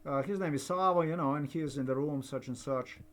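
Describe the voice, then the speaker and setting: A man's voice: a little high, a little fast, very noisy. An older man, giving rambling personal commentary that repeats and digresses. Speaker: vlogger.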